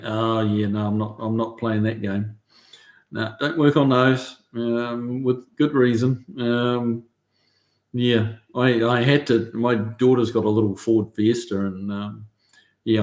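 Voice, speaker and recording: Man, middle-aged, New Zealand accent, live-stream host, casual chat, reading comments, relaxed, frequent fillers. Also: on the low side. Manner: relaxed and chatty, many ums and uhs, friendly banter. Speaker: car shop owner hosting a live stream.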